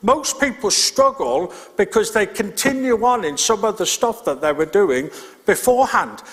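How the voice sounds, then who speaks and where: A man's voice: high voice, animated, moderate pace, in a large hall. A male pastor preaching a sermon in an earnest, plain-spoken way, repeating his key points. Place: church.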